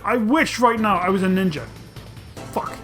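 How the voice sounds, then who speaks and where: A man giving excitable, profane gameplay commentary, often breaking into loud outbursts, over game music. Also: sits high, normal speed. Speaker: let's play host.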